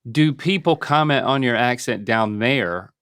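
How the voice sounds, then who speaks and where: A middle-aged man with a Southern North Carolina accent, hosting a casual chat in a quick, wry way. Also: medium pitch, fairly bright tone, smooth, dry recording, clean studio sound. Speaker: host.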